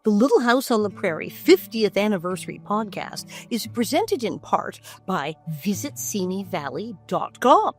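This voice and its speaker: A woman reading a scripted sponsor ad in a smooth, promotional manner. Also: mid-range voice, very animated, normal speed, hardly any pauses, soft background music. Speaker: sponsor announcer. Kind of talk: scripted ad read.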